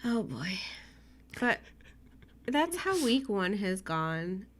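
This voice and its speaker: A woman's voice: medium pitch, sing-song, very slow. A young woman co-hosting a casual podcast chat, emotional and teary, often laughing. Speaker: podcast co-host.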